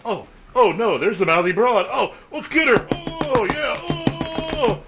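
A man putting on a whining, high-pitched voice for a comic skit on a radio show. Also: very animated, a little slow, over music, heavily acted. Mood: whining mockery.

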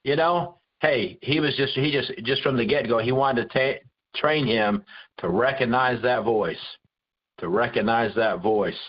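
A man's voice: medium pitch, unhurried. A man teaching a Bible study in a conversational preaching style, earnest and full of restarts and repeated words. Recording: dull lo-fi recording.

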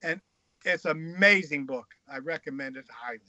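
A man, a guest author, telling crude, frank stories in a casual, animated way. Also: a little high, moderate pace, no room sound. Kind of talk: casual anecdotal storytelling.

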